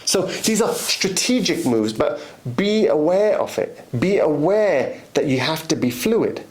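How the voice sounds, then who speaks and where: A man's voice: a little high, big pitch swings, unhurried. A man giving a motivational monologue as host, emphatic and repetitive, often restarting his sentences.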